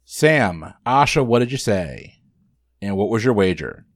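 A man hosting a trivia podcast, running the quiz in brisk, upbeat patter. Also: lowish voice, sing-song, dry recording, studio quality.

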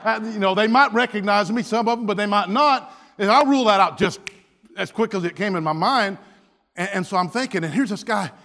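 Preaching in a church sanctuary, a male pastor tells his sermon as a funny story, restarting quickly again and again; his voice is high, bright, and forceful, and the hall gives it a long reverb.

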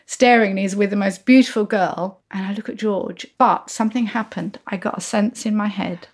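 A woman's voice: medium pitch, moderate pace. A woman, telling an anecdote as an interview guest and acting out the voices of the people in it. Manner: animated, acts out the voices of the people in her story.

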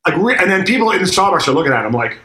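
A middle-aged drummer tells a story casually in an interview, acting out quotes and swearing freely. His high-pitched voice swings widely in pitch and comes rapid-fire, bright and forceful. The room is echoey with faint noise.

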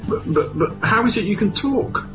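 A man's voice: high voice, animated, normal speed, music in the background, poor audio. A man playing a lovestruck, bumbling knight who stammers earnestly in a comic amateur pantomime.

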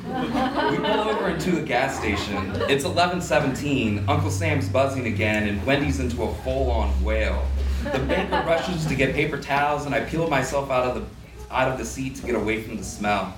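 A man reading a first-person prose story aloud at a live literary event, with a lively storytelling manner. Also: mid-range voice, normal speed, a crowd in the background. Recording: roomy hall, distant mic, faint ambience.

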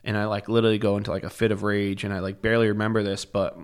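A man's voice: fairly low pitch, racing, clean tone. A young man, a podcast guest, telling casual stories with lots of fillers and swearing. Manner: animated, profane, full of filler words. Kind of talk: casual storytelling.

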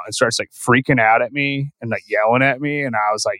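A man's voice: medium pitch, fairly even intonation, fast, few pauses, fairly bright tone, no echo, rough recording. A man guest on a podcast, telling tour stories in a rambling, profane way and saying "like" constantly. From Philadelphia. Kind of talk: casual storytelling.

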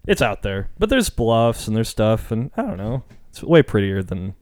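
A man's voice: lowish voice, sing-song, moderate pace, a little mellow, dry recording. A man co-hosting a casual podcast, laid-back with dry reactions. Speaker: podcast co-host. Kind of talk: casual chat.

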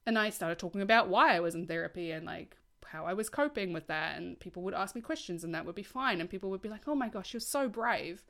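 Podcast co-host, young woman, low-ish voice, candid and earnest, chatty. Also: fast, creaky, few pauses, fairly bright tone. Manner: candid and earnest, often says "like". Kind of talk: casual chat.

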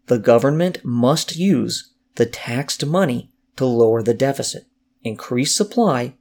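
A man calmly narrating a scripted economics explainer. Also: mid-range voice. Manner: measured, explanatory.

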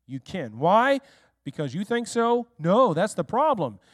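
A male pastor delivers a sermon in a high voice with sweeping swings of pitch. He keeps checking in with the congregation and asking them questions. The sound is dry and close, with little room echo. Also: very animated, a little slow. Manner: speaks directly to listeners in the room.

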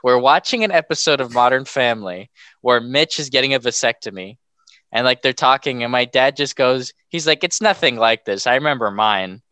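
A man's voice: mid-range voice, animated, normal speed, sharp tone, clean tone, dry recording. A young man telling stories casually as a podcast guest, rambling and filling almost every phrase with "like". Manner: rambling, filler-heavy, says "like" constantly. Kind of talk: casual storytelling.

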